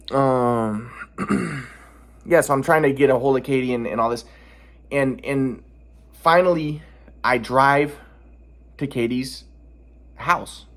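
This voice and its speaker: A man's voice: medium pitch, creaky. A man telling a personal story casually, rambling with many restarts and defensive repetitions. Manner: agitated, defensive. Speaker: vlogger.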